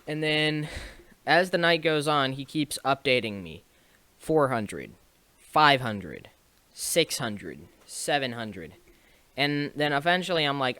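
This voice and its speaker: A young man recounts a story to his viewers in an unhurried, rambling way, restarting sentences and laughing a little. His voice is bright and clean. The sound is dry and close. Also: a little high, big pitch swings, no echo. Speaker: streamer and video maker. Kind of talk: casual storytelling to camera.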